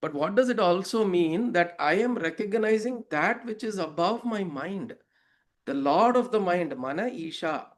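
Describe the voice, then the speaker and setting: A man's voice: sits high, lively intonation, normal speed. A man explaining a scripture verse as a spiritual teacher, reflective, asking rhetorical questions and telling parables.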